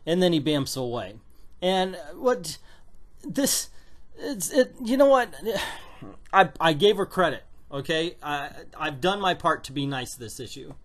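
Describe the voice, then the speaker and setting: A man's voice: a little high, expressive, normal speed. A man reviewing a comic book with sarcastic, exasperated commentary. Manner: exasperated, mocking.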